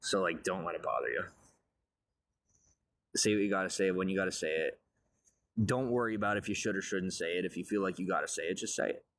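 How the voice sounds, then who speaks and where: A man's voice: deep voice, brisk, pauses often, a bit bright. A man giving a grandiose, meandering monologue about his life and advice. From raised on a farm. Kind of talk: rambling monologue.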